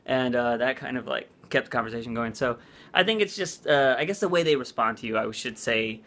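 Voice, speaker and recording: A man's voice: mid-range voice, lively intonation, fairly quick, fairly bright tone. A man vlogging in a casual chat, rambling with lots of "like" and "uh". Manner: rambling, full of "like" and "uh".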